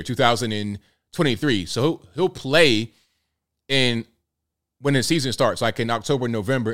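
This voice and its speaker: A man's voice: mid-range voice, a bit bright. A man in his thirties hosting a casual commentary show, chatty and incredulous as he talks through a clip. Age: 30s. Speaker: host.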